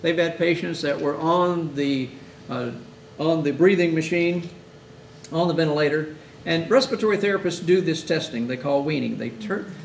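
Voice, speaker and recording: A man with a high-pitched, gravelly voice teaches hospital chaplains in a conversational lecture, animating his stories by acting out families' words. He is recorded from a distance in an echoey room with a faint hiss underneath.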